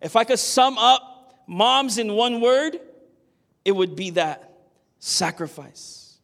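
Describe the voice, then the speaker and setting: A man's voice: sits high, lively intonation, takes it slowly, creaky, a bit bright. A man preaching a sermon, earnest and emphatic, often asking the listeners "Amen?". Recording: long hall reverb.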